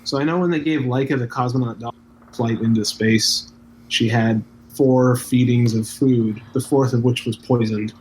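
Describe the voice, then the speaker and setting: A man co-hosting a podcast, answering questions with dry, deadpan trivia. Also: medium pitch, moderate pace, slight background noise, poor audio. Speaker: podcast co-host. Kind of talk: casual chat.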